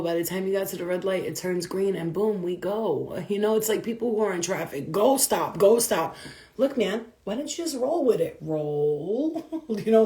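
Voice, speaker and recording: A woman's voice: medium pitch, warm tone. A woman giving a casual spiritual reading, full of street slang, swearing and frequent laughter. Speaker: spiritual reader. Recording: roomy echo.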